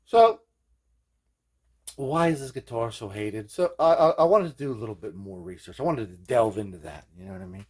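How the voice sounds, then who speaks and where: A man talks through a guitar fix in a loose, rambling way, swearing freely and tossing in "man" and "you know what I mean" constantly. His pitch swings animatedly, and he often laughs at his own jokes. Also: animated, normal speed, a little mellow, breathy edge. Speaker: host of a guitar repair video journal. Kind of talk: casual hands-on workshop chat.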